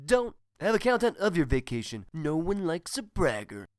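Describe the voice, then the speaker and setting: A man plays a vain spoof-news anchor who loves the sound of himself. His voice sits quite high for a man, and his patter is cheesy and boastful. It sounds like a comedy sketch. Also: sing-song, normal speed. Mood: smug. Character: smug, self-obsessed male spoof-news host. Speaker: host.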